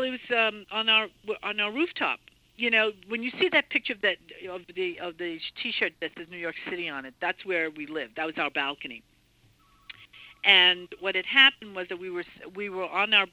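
A woman guest telling a story in an interview, excitable and full of restarts and repeated words. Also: fairly low pitch, dry recording, poor audio.

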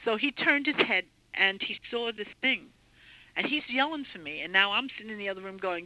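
A woman guest telling a story in an interview, excitable and full of restarts and repeated words. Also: medium pitch, brisk, dry recording, poor audio.

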